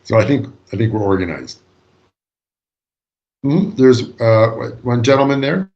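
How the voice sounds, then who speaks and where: A man's voice: mid-range voice, lively intonation, measured pace, gravelly, dull audio. A man with a Canadian accent giving a joking, easygoing guest lecture over a video call. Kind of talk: casual remote lecture.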